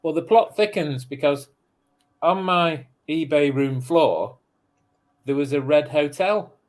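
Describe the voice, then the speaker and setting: A man's voice: fairly high pitch, slow. A man chatting casually on a live stream, laughing easily between remarks.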